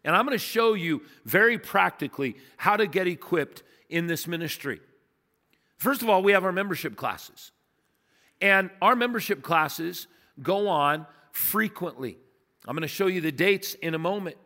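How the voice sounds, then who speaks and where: Male pastor, somewhat high and bright, animated sermon style, long church reverb. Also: moderate pace. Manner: animated, emphatic, conversational preaching with storytelling. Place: church sanctuary.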